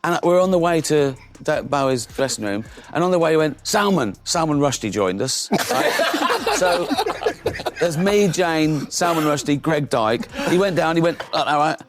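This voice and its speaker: A man's voice: fairly high pitch, big pitch swings, normal speed. A middle-aged man chatting as a talk show guest, telling cheeky, laughing stories and often restarting his sentences. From England. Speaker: comedian guest. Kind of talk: talk show chat and anecdote.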